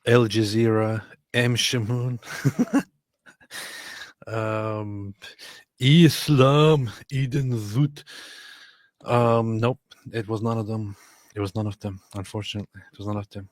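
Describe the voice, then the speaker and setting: A man's voice: on the low side, a little mellow, no room sound, clean studio sound. A man hosting a casual livestream, reading viewer messages and rambling with many fillers and restarts. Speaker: livestream host. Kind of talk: casual livestream chat reading super chats.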